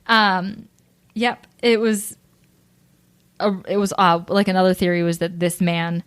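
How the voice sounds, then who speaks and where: A woman's voice: fairly low pitch, flat delivery, unhurried, smooth. Woman telling a true-crime case. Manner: reads case notes with hesitant fillers and giggles. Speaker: podcast co-host. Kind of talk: casual true-crime chat.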